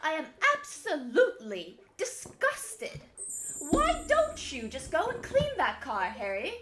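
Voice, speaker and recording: A woman putting on a mock English accent to play an indignant, posh scold, shrill and overacted. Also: wildly swooping pitch, takes it slowly, noisy background, heavily acted. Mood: outraged.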